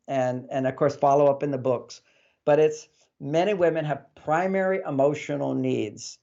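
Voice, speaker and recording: A man giving relationship advice as an interview guest, a lively storyteller who acts out the dialogue he quotes. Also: medium pitch, gravelly, muffled recording.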